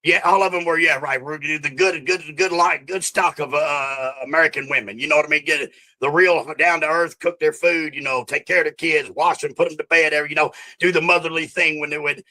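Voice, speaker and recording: A middle-aged man with a Southern US drawl rambles through a casual interview, swearing freely and restarting his sentences. His voice is bright and forceful and sits a little high for a man. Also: steady tone, a little fast, low-quality recording. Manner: rambling, profane, with many restarts. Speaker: guest.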